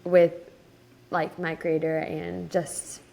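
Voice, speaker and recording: A woman's voice: lowish voice, little pitch movement, slow, creaky, dark tone. A young woman in her twenties, co-hosting a casual podcast, telling a story with lots of "like" fillers and lifting her voice when she quotes people. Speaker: podcast co-host.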